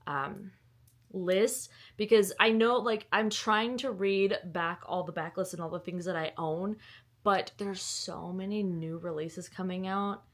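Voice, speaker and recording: A woman's voice: medium pitch, fairly even intonation, a little slow. A young woman, chatting to the camera at home about books in a giggly, rambling way. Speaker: book vlogger. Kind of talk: casual chat to camera. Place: at home indoors.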